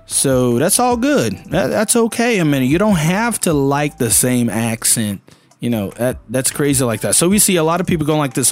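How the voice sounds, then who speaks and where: Guy teaching english, kinda high voice, lots of "you know", faint music under it. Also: expressive, moderate pace. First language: Portuguese. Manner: conversational and emphatic, many "you know"s. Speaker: language teacher. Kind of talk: casual video lesson.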